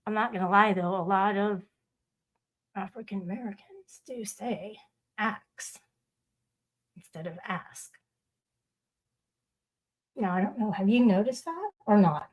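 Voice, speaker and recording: A woman's voice: medium pitch, animated, normal speed. A woman hosting a casual livestream, rambling and swearing as she talks back to her viewers' chat. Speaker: livestream host.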